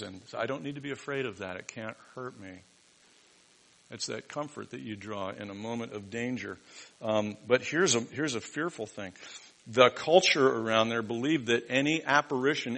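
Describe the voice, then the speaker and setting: A man preaching a sermon in a bright, forceful voice. He drops to near-whispers in reflective moments, then rises to loud, emphatic declarations. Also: mid-range voice, creaky, poor audio. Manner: dynamic preaching, swings from hushed to loud emphatic. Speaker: pastor.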